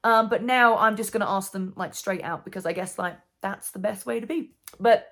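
A woman's voice: medium pitch, fairly even intonation, moderate pace, fairly bright tone. A woman telling a personal story in a casual monologue, rambling with lots of fillers and restarts. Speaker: vlogger and coach.

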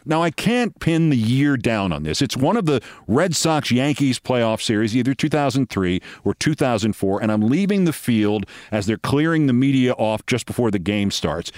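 A man's voice: mid-range voice, a little mellow, no echo, studio quality. A man, a podcast host telling a wry anecdote and acting out the voices of the people in it. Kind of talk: storytelling monologue.

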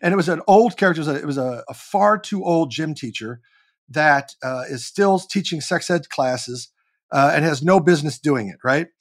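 A man in his fifties, an actor and comedian, telling stories as a guest in a casual interview with lots of swearing and shouted reenactments. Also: on the high side, normal speed. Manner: animated, profane, barks when reenacting.

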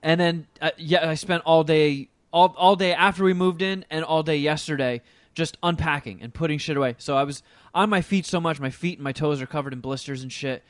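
A man's voice: fairly high pitch, fairly quick, few pauses, dry recording, studio quality. A man co-hosting a podcast, telling rambling, profane stories in a casual chat.

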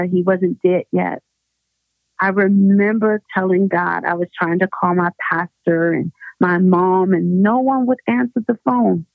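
A woman's voice: lowish voice, creaky, no room sound. A woman guest giving an earnest, fervent faith testimony over a phone call. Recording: tinny phone line.

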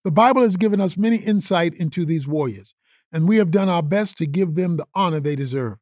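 A man's voice: high voice, fairly quick, a little mellow, no room sound, studio quality. A man giving an earnest scripted introduction to an episode of an audio drama series. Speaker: show host introducing the episode.

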